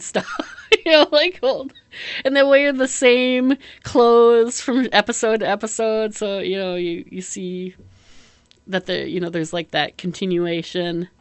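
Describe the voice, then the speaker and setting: A woman chats casually as a podcast co-host, her voice sitting a little low. She rambles, piles on fillers and laughs often. The sound is dry and close. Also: a bit bright, clean tone, dry recording. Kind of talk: casual chat.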